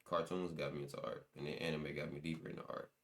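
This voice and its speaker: Young male interview guest, very deep voice, casual slangy storyteller. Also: steady tone, quick pace, creaky, a bit bright. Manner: loose, slangy storytelling with many restarts. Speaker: guest musician.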